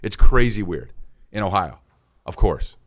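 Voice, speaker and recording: A man co-hosting a podcast, chatting loosely with his friends. His pitch swings widely as he tells his stories, and he swears casually along the way. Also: a little slow. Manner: animated storyteller, swears casually. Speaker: podcast co-host.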